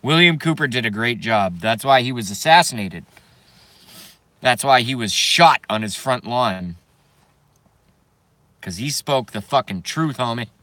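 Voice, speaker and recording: Male streamer, rambling profane rant to chat, nervous giggler, forceful bright voice, dry close sound. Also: mid-range voice, animated, a little slow, long pauses, no echo. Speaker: YouTube streamer.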